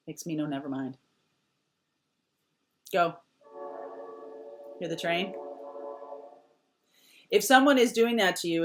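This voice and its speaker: A woman giving a casual tarot reading to camera, emphatic and repeating short firm phrases, sometimes dropping almost to a whisper. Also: fairly low pitch. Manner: drops to a near whisper at times. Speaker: tarot reader.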